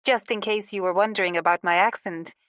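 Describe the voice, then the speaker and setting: A woman's voice: mid-range voice, fairly even intonation, fairly bright tone, dry recording, lightly acted. A woman voicing a bubbly, gossipy woman in her sixties. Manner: bubbly, gossipy, quick to confide.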